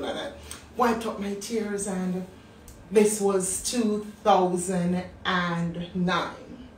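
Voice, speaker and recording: A woman in her thirties with a Jamaican accent, telling a personal story in a lively way and acting out what people said. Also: mid-range voice, slow, a little hiss or hum. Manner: animated storyteller acting out quotes. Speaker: business talk host. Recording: roomy, distant mic.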